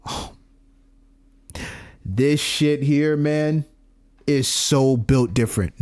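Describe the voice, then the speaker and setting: A man playing a fan game and reacting with excited, slangy casual commentary. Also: medium pitch, extremely slow, pauses often, clean tone, no room sound. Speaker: gamer streaming a playthrough.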